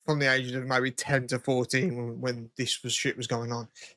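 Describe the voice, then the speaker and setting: A man's voice: medium pitch, level tone, moderate pace, bright, forceful tone, no echo, clean studio sound. A young man from England, co-hosting a podcast and telling rambling, sweary stories with frequent laughs. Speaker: podcast co-host. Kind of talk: casual chat.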